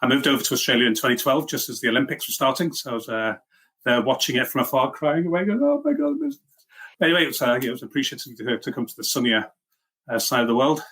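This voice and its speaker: Middle-aged guy, liverpool-welsh mishmash accent, talks quick, lots of ums and restarts, self-deprecating. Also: mid-range voice, fairly even intonation, bright, forceful tone, breathy edge. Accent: mixed Liverpool and Welsh. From Liverpool, England. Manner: chatty, self-deprecating, many fillers and restarts. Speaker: guest, software engineering leader. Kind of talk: casual interview chat.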